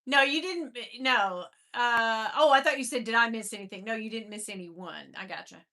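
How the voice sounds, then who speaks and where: A woman's voice: fairly high pitch, normal speed, bright, forceful tone. A woman in her fifties hosting a live stream, chatting casually, greeting viewers by name and laughing often as she sets up a personal story.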